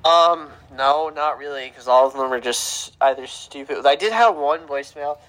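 A man's voice: on the high side, moderate pace, fairly bright tone, rough recording. A man co-hosting a casual podcast, talking in an offhand, dismissive way. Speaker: podcast co-host.

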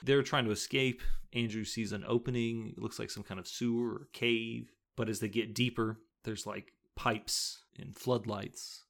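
Man, podcast co-host, gravelly voice, casual movie chat, plot recap, argues his point. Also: medium pitch, steady tone, normal speed, few pauses, a bit bright. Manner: retells the plot, then argues with rising emphasis.

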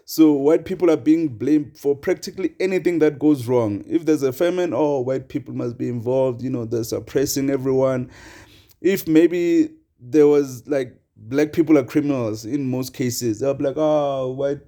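A man's voice: medium pitch, moderate pace, dark tone. A young man hosting a solo podcast, talking casually and rambling with many fillers and chuckles. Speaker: podcast host.

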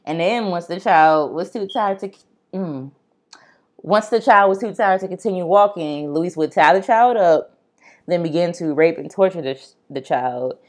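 Young woman, low voice, casual true-crime podcast host, chatty, blunt, swears. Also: expressive, moderate pace.

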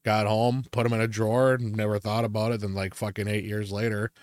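A man's voice: on the low side, level tone, a little fast, no room sound, studio quality. A young adult man in casual chat, telling rambling stories full of swearing and filler words. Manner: ranting storyteller, heavy swearing and fillers. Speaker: podcast co-host.

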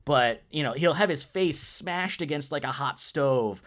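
A man co-hosting a podcast, talking casually about a film in quick, animated bursts and repeating words as he gets going. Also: a little high. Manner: animated, fast, repeats words when excited. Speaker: podcast co-host. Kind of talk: casual movie discussion.

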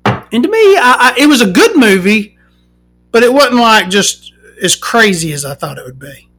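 A woman hosting a podcast, ranting casually and swearing, swinging from loud outbursts to muttering. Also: a little high, sing-song, normal speed, slight background noise. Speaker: podcast host.

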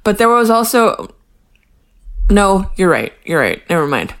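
A woman's voice: mid-range voice, big pitch swings, measured pace. A woman co-hosting a casual podcast, talking through a TV show with dry, self-deprecating humor. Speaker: podcast co-host. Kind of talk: casual chat recapping a TV show.

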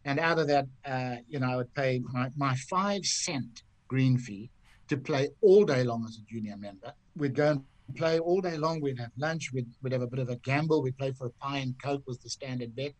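An older man from Zimbabwe telling golf stories in a lively, theatrical way. His voice sits at an ordinary middle pitch, and he throws in little impressions of the people in his tales. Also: moderate pace, dry recording, low-quality recording. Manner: lively raconteur who acts out other people's voices. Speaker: guest, golf commentator. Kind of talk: anecdotal storytelling.

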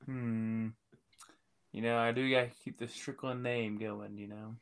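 A man's voice: medium pitch, steady tone, measured pace, smooth. A man co-hosting a podcast, answering with dry, joking quips and frequent laughter. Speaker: podcast co-host. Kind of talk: casual podcast chat.

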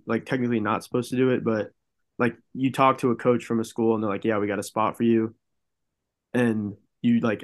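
A young man sits in on a podcast as the guest and talks casually. He tells his stories at an easy, relaxed pace and fills them with "like." His voice sits at an ordinary middle pitch for a man. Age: young adult. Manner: relaxed storytelling, heavy use of "like". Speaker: college football player guest.

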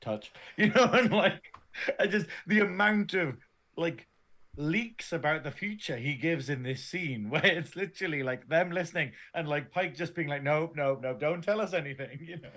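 Northern English male co-host, giggly and animated, a bit high-voiced. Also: moderate pace. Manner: laughs often, animated, swears casually. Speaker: podcast co-host reviewing episodes. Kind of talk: casual review chat.

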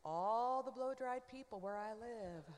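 A woman guest on a panel, giving an expressive personal testimony in a chatty way, full of quick asides and filler words. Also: a little high, long reverb tail. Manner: expressive, swings from hushed to loud.

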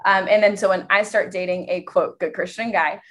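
A young woman co-hosts a casual podcast. She tells a personal story candidly, with plenty of fillers, and her voice rises when she gets animated. Her pitch sits in a middle range. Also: fairly quick. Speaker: podcast co-host.

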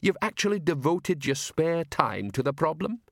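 A man's voice: fairly high pitch, big pitch swings, moderate pace, dry recording, clean studio sound, voice pushed up. A man voicing an older, pompous guild lord who asks fussy, startled questions in a raised voice. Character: older male guild head, pompous, flustered.

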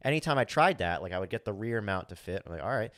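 A man co-hosting a podcast tells a story in casual chat, talking animatedly, acting out his own thoughts, swearing freely and filling often with "like." His voice is fairly low yet fairly bright, with lively intonation and a quick pace, in clean studio sound without echo.

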